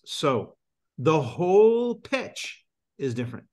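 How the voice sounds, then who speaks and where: A man's voice: mid-range voice, moderate pace. A man coaching a sales team on a group call, driving his points home with emphatic, punchy delivery. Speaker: business coach. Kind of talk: motivational call talk.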